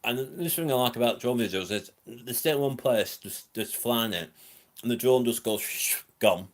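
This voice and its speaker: A man with a northern Lancashire accent rambles through a casual live stream chat from home. His pitch sits right in the ordinary middle, and he drifts between thoughts with frequent ums, answering viewers' comments as they come in. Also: normal speed. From England.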